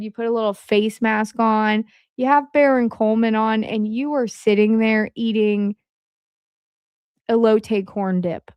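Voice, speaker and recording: A woman hosts a relaxed livestream from home, rambling in a casual chat and filling her pauses with "um." Her voice sits a little high and comes across smooth and clear. The sound is dry, with no room echo. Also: muffled recording. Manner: rambling, with frequent "um" fillers. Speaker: livestream host.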